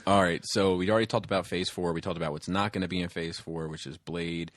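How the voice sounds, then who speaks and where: Deep-voiced man hosting a casual podcast. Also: fairly even intonation, quick pace, no echo, studio quality. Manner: rambling, acts out movie scenes with laughter. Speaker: podcast host. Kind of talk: casual chat.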